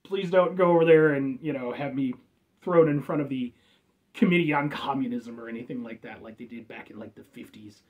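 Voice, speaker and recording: A man's voice: medium pitch, brisk. A man from the United States doing a casual, rambling drink review with jokes and offhand swearing.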